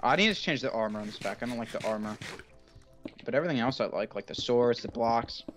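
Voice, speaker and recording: A man chatting casually while gaming with friends, reacting quickly to fights and getting frustrated with the game. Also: mid-range voice, animated, fairly bright tone, faint music behind. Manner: quick live reactions during combat. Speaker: gamer playing with friends.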